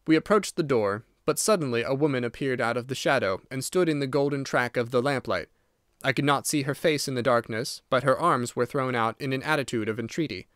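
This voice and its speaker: A man narrating a classic detective audiobook in a steady, unhurried reading. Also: mid-range voice, no echo, clean studio sound. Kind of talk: scripted narration.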